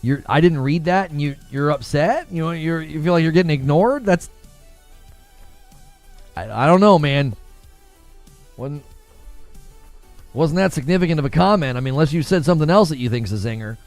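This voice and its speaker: A man's voice: on the high side, animated, moderate pace, pauses often, darkish tone, no echo, faint music behind. A man hosting a casual gaming livestream, reading chat and talking back to it, laughing often.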